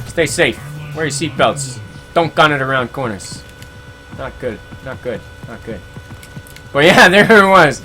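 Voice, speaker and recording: A relaxed man hosts a gaming stream and tells an easygoing story in a mid-range voice. He chuckles his way through it and reads viewer comments as he goes. Clear music plays underneath him. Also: mid-range voice, measured pace, pauses often. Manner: laid-back, chuckling storyteller who slips into voices for quoted friends. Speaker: gaming livestream host. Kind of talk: casual chat, storytelling between reading chat comments.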